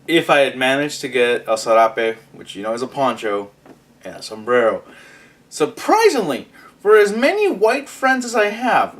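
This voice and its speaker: A young man from Mexico hosting a casual morning vlog, joking and laughing as he talks. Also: medium pitch. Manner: joking, laughs through his lines. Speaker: vlog host.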